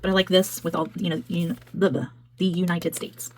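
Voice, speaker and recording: A woman's voice: fairly low pitch, little pitch movement, moderate pace, poor audio. Chatty woman. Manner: chatty, meandering, self-correcting. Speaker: craft video host. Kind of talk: casual flip-through chat.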